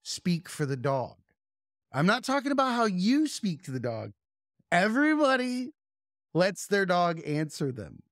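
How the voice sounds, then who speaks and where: A man's voice: high-pitched, huge pitch swings, measured pace, a bit bright, dry recording, studio quality. Jokey man hosting a casual podcast. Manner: loose, jokey, slips into silly voices. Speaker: podcast host. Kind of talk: casual chat.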